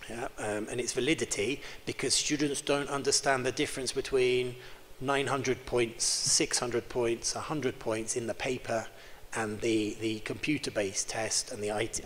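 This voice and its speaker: A man giving an interactive keynote lecture in a large conference hall, joking and quizzing the audience with quick questions. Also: mid-range voice. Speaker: keynote speaker. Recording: reverberant hall with faint background hum.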